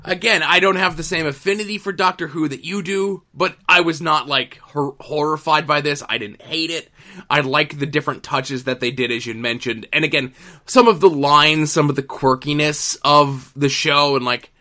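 Bright-voiced man, wry and dry. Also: a little high, fairly even intonation, normal speed. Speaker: podcast co-host. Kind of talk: casual chat.

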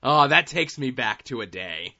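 Bright-voiced podcast host man. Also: mid-range voice, expressive, unhurried, highs cut off. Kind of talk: casual chat.

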